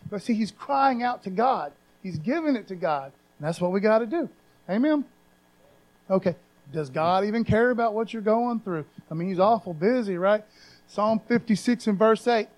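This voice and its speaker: A man's voice: sits high, animated, normal speed, low-quality recording. A man preaching a sermon in a conversational, emphatic way, often adding "man" and raising his voice on scripture readings. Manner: raises voice when reading scripture aloud.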